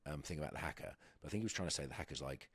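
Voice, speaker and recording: Super deep english guy, husky, rambly chat w lots of ums, dry sound. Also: lively intonation, racing, fairly bright tone, no echo. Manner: rambling, hesitant, many restarts and fillers. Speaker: guest, professional rugby player. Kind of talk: casual podcast chat.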